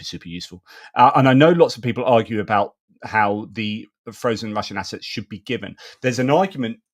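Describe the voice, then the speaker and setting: Brief: male live-stream host, middle-aged, low-pitched, chatty and rambling. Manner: chatty, rambling, many fillers and restarts. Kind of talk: live-stream news commentary.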